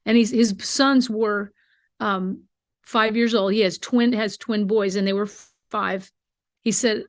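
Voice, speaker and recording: A woman's voice: on the high side, fairly even intonation, normal speed, no echo, studio quality. A middle-aged woman, a bluegrass singer, telling heartfelt stories as an interview guest and acting out quoted dialogue. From United States. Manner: heartfelt storytelling, emotional, acts out quoted dialogue. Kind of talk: remote interview conversation.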